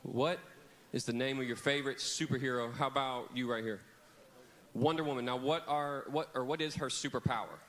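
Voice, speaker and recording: A man's voice: mid-range voice, fairly quick, fairly bright tone. A man preaching a children's camp sermon in a church hall, leading kids in call-and-response on a handheld mic. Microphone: handheld microphone.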